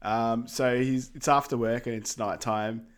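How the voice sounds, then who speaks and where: A man's voice: medium pitch, steady tone, measured pace, slight background noise. Easygoing man co-hosting a podcast. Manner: easygoing, amused recounting. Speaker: podcast co-host. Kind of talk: casual film recap chat.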